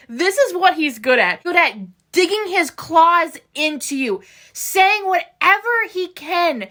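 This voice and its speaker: A young woman reacting to an anime, gushing and swinging between outrage and tearful excitement, with some swearing. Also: very high voice, unhurried. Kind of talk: emotional reaction vlog.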